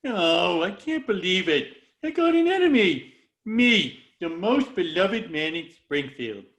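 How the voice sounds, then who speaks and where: A man voicing a dim-witted, cheerful cartoon dad in a table read, goofy and excitable. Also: high-pitched, a little slow, exaggerated voice. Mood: dismayed.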